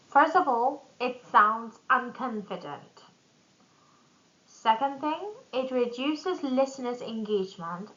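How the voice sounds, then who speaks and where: A woman's voice: a little high, pushed and bright, lo-fi sound. A woman teaching business English pronunciation, explaining step by step and reading example sentences aloud. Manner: addresses viewers as "guys", reads model sentences aloud. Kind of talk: slow explanatory lesson.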